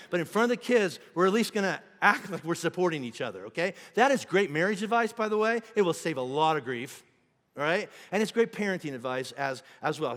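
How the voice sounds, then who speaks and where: Middle-aged pastor preaching in a hall. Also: male voice, high voice, fairly bright tone. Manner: conversational, acts out quoted voices. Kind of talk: sermon. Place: church auditorium.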